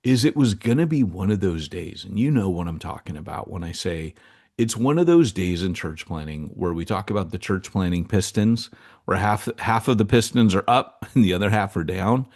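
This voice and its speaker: Deep-voiced, lively male podcast host. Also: moderate pace. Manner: animated storyteller, slangy, fond of asides. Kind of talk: casual podcast chat.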